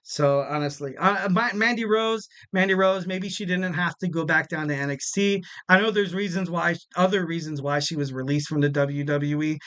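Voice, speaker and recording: A man's voice: fairly high pitch, normal speed, hardly any pauses, a bit bright, clean tone. A man in his twenties hosting a wrestling podcast in a casual, rambling way, often repeating phrases for emphasis. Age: 20s.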